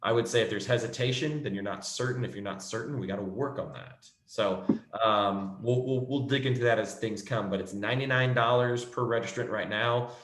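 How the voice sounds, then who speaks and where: Man host, breezy and jokey, mid pitch, roomy video call audio with a noticeable echo. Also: fairly quick, few pauses, a little hiss or hum. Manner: upbeat, joking, animated. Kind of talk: casual video call chat. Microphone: video call microphone.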